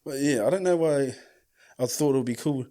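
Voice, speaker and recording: A man with a New Zealand accent telling a story casually as a podcast host, full of slang and swearing, who acts out the quoted lines loudly. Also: medium pitch, fairly quick.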